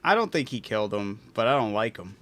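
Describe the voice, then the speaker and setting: A man's voice: on the low side, sing-song, fast, a bit bright. A man playing a video game, casually reading its text aloud and chatting, laughing often. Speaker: gaming streamer.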